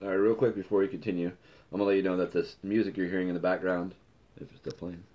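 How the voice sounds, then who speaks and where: Man, podcast host, low voice, halting with fillers, muffled home recording. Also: flat delivery. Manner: halting, many fillers and self-corrections. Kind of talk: casual comic book podcast, reading dialogue aloud.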